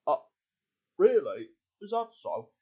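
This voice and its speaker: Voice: mid-range voice, very animated, a little mellow, breathy edge, heavily acted. A performer voicing a friendly, hesitant male bear puppet in a homemade show. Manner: hesitant, slow on the uptake. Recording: slightly dull lo-fi sound.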